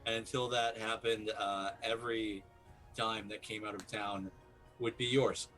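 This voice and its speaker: A man's voice: lowish voice, little pitch movement, measured pace, a bit bright, soft background music, rough recording. A man playing a tabletop game, talking in an easygoing, earnest way. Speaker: player. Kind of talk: casual tabletop play.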